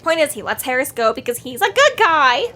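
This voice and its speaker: A woman's voice: sits high, very animated, a little fast, pushed and bright, slight background noise. A young woman co-hosting a casual book podcast, who acts out the characters' lines with swearing and laughter. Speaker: podcast co-host. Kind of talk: casual book discussion chat.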